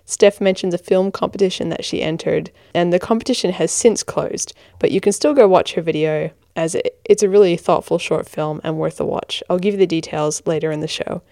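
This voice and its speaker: A young woman with a hybrid American-Australian accent hosts her podcast from a blanket fort in her bedroom, tired but giggly and sassy. Her voice sits a little low and mellow. The sound is dry and close. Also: a little fast, hardly any pauses, no echo. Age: 20s. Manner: giggly, self-deprecating, sassy. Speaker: podcast host. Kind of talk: casual podcast monologue.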